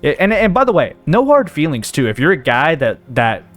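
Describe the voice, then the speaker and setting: A man's voice: fairly high pitch, sing-song, a little fast, fairly bright tone, faint music behind. A man hosting a gaming video, rambling and thinking aloud as he sorts through his inventory, with a case of the hiccups. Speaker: gaming channel host. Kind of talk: casual let's play commentary.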